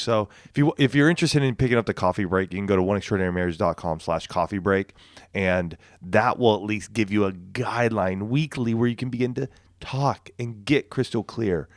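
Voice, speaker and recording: A man co-hosting a marriage podcast, talking in a relaxed, reassuring way with frequent restarts. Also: medium pitch, no echo, studio quality. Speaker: podcast co-host. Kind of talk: casual marriage podcast talk.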